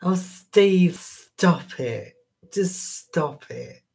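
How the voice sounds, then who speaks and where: A man's voice: on the high side, expressive, drawn-out words, vocal fry, a little mellow, exaggerated voice. A man doing a flamboyant, dramatic camp voice with an exaggerated lilt, playfully put on during a live stream. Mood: sassy.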